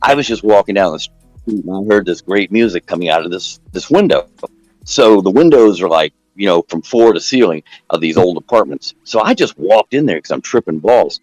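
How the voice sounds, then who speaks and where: A man telling a long story in casual chat, rambling and animated, jumping up in pitch when he quotes people. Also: moderate pace, no room sound, lo-fi sound, faint music behind.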